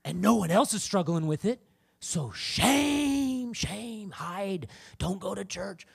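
Woman doing a mocking devil, low sneering taunts, shaming, scolding. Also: animated, slow pace, gravelly, husky, heavily acted.

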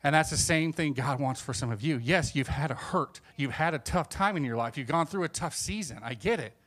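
A man preaching a sermon, swinging between hushed asides and emphatic points, acting out the voices he quotes. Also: fairly high pitch, brisk.

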